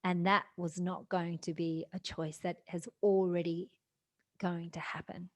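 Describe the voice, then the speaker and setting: Slow, earnest woman. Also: on the low side, little pitch movement. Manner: earnest and emotional, with soft laughs. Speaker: storyteller sharing a personal story. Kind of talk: personal testimony.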